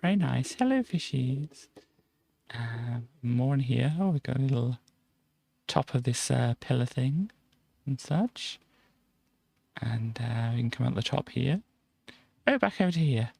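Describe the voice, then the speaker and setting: Gravelly-voiced man chatting through a game. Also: mid-range voice, expressive, unhurried, long pauses, a little mellow, no echo. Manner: playful, chatty, drops in silly sound effects. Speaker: streamer. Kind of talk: casual gameplay commentary.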